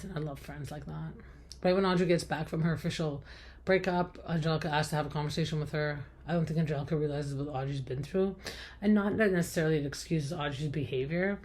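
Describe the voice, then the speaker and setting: A woman's voice: deep voice, a little mellow. A woman hosting a podcast, recapping reality TV in a chatty, blunt way with many fillers and some swearing. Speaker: podcast host.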